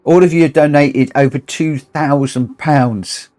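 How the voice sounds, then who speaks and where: A man's voice: fairly high pitch, fairly even intonation, measured pace, hardly any pauses, a little mellow. A man hosting a charity gaming livestream, emotional and grateful, repeating his thanks as he gets choked up. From United Kingdom. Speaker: livestream host and racing gamer.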